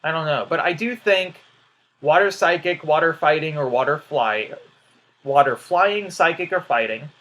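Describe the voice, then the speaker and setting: A man's voice: fairly high pitch, moderate pace, sharp tone. A man giving casual video commentary, rambling and hesitant, often trailing off into "um" and "I don't know". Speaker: YouTuber.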